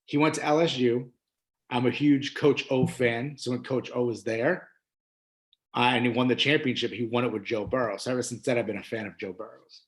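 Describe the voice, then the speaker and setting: Man, sports podcast co-host, rambling, lots of fillers, ordinary middle pitch. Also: steady tone, brisk. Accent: New Jersey. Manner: rambling, full of fillers like "like" and "uh", laughs easily. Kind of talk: casual sports chat.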